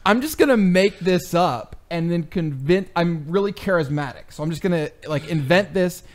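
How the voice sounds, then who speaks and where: A man's voice: high voice, lively intonation, normal speed. A man voicing a poor, charismatic witch doctor who is cooking up a scam, in a casual, self-satisfied tone. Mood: scheming.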